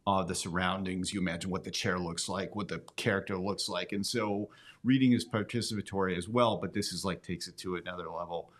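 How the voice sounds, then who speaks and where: A man's voice: sits low, steady tone, fairly quick, fairly bright tone. A man hosting a casual commentary, talking in a reflective, musing way. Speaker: host.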